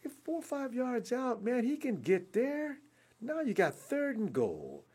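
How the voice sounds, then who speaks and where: A man reacting live to a football game, excitable, talking at the players on screen and trash-talking them. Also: very high-pitched, unhurried, breathy edge. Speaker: football fan watching a game.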